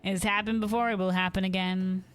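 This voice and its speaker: A woman's voice: medium pitch, little pitch movement, brisk, fairly bright tone, smooth, soft background music. A young woman streaming a video game, chatting casually; she laughs often, swears, and restarts her sentences as she rambles. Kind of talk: casual live-stream chat.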